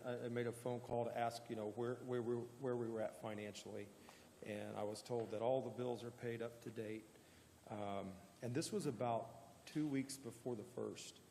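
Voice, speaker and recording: A man serving as county sheriff, giving a plain-spoken report at a public meeting, halting often with fillers. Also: medium pitch, darkish tone, in a large hall, a little hiss or hum.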